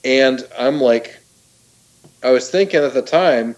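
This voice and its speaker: A middle-aged man, a talk show guest, excitedly retelling a personal story with frequent laughs, restarts and fillers. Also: mid-range voice, takes it slowly, highs cut off.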